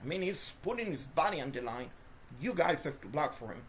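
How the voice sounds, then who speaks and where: A woman commentating her own video game play, swinging between frustrated groans and shouted cheers, talking to the players and to her viewers. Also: deep voice, sing-song, brisk, a little hiss or hum. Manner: talks to the players and to viewers as folks. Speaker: gaming video host. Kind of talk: live gameplay commentary.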